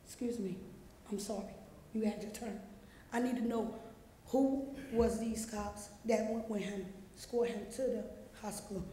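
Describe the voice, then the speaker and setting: A woman's voice: medium pitch, fairly even intonation, normal speed, dark tone. Grieving mother pleading in an echoey chamber. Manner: pleading, repetitive questioning. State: grief-stricken. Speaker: grieving mother speaking at public comment. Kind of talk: public statement at a council meeting. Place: large council chamber. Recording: echoey chamber with long reverb, faint noise.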